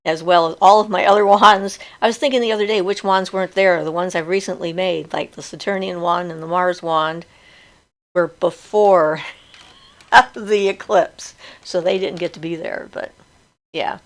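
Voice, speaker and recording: A middle-aged woman hosts a relaxed live chat in a low, gravelly voice. She is chatty and laughs easily, and she breaks off to read viewer comments aloud. Her speech is loose and conversational, with plenty of fillers. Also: normal speed.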